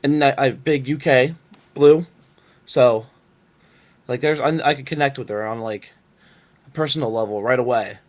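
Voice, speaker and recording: A man's voice: mid-range voice, moderate pace, long pauses. Laid-back young man rambling on webcam. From Northern Kentucky. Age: young adult. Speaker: vlogger. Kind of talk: casual storytelling.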